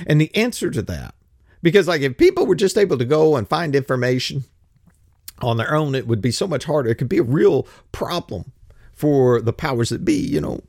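A man's voice: mid-range voice, lively intonation, fairly quick, gravelly, darkish tone, dry recording, clean studio sound. An older man, giving a blunt, grumpy monologue that swears freely and acts out other people's voices. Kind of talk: ranting monologue.

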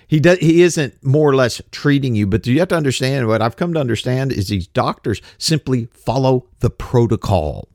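A man's voice: medium pitch, animated, normal speed, hardly any pauses, a little mellow, dry recording, clean studio sound. Rambling, skeptical man. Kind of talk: casual monologue commentary.

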